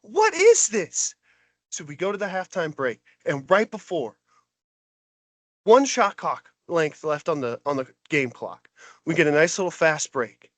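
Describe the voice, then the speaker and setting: High-voiced man on a sports rant. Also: unhurried, no echo. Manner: exasperated, animated ranting. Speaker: podcast co-host.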